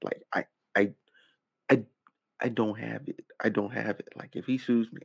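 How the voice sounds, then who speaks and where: A man's voice: on the low side, fairly even intonation, normal speed, vocal fry, a bit bright, breathy edge. A man hosting a casual commentary stream, rambling, cursing, and often repeating himself. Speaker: reaction channel host.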